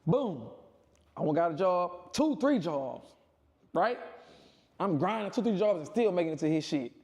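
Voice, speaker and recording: High, gravelly man telling a story. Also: moderate pace. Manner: rambling, repetitive, punctuates with "boom" and "right?"; animated retelling with quoted voices. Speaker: storyteller in a played clip. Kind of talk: casual storytelling.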